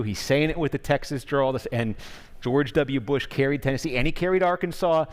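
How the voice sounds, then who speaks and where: A man's voice: medium pitch, moderate pace, clean tone. A man speaking as a guest at a public forum, answering audience questions in an earnest, explanatory way and often restarting his sentences mid-thought. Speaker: guest speaker, political correspondent. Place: large forum hall. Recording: long hall reverb.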